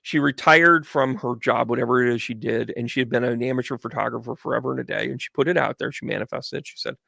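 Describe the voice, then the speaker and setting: A man hosts a livestream as a medium, telling long, rambling stories with lots of animated asides and restarts. His middle-pitched voice has a gravelly edge. It is recorded dry and close, with no room sound. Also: fast, no room sound. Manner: rambling, animated, chatty storytelling. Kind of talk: casual livestream chat.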